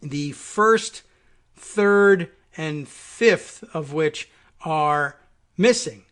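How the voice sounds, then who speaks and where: A man's voice: a little high, drawn-out words, a bit bright, smooth. A man hosting a political talk podcast, rambling casually on his own and chuckling at odd place-name pronunciations. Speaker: podcast host.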